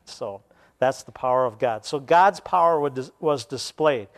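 A man preaching a sermon, retelling scripture and then explaining it with pauses and restarts. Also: mid-range voice.

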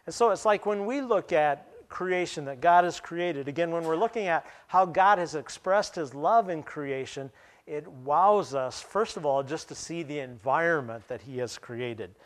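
A man preaching a sermon as pastor, animated and wry, often chuckling at his own asides. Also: on the high side, moderate pace.

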